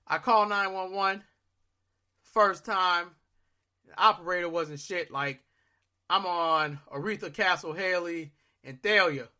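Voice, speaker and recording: A young man on a podcast, telling a story in casual, profane chat that swings into loud, exasperated outbursts. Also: sits high, slow, long pauses. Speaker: podcast co-host.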